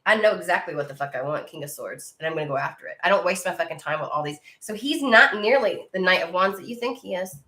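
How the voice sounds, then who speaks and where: A woman's voice: lowish voice, animated, quick pace, hardly any pauses, fairly bright tone. A woman giving a casual tarot reading, talking bluntly and with lots of swearing, straight to her viewers. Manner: blunt and profane, talks to viewer directly. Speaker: tarot reader. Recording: echoey room.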